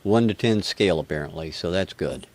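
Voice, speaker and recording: A man's voice: sits low, a little fast, dry recording. An American man hosting a live music review webcast, chatty and rambling with a self-deprecating touch. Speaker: show host.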